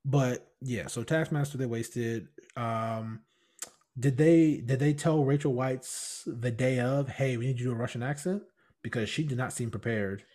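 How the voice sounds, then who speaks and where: A man's voice: medium pitch, normal speed. A man chatting casually and jokingly about a movie with friends. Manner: relaxed, jokey, acts out reactions. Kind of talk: casual movie review chat.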